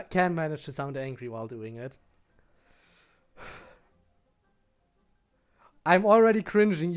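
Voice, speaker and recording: Giggly, tired late-night game streamer. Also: medium pitch. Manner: giggly, self-conscious, talks to chat. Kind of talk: casual live-stream chat while gaming.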